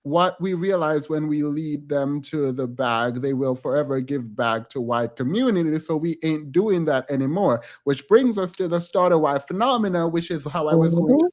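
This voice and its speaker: A man co-hosting a podcast, talking in a rambling, halting way, with many restarts and fillers. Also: fairly high pitch, darkish tone. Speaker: podcast co-host. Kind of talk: casual discussion.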